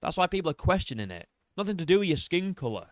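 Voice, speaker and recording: A man's voice: high voice, very animated, quick pace, no echo, studio quality. A man giving a mocking, profanity-laced reaction commentary on a video clip. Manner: mocking, sarcastic, swears freely, laughs at the clip.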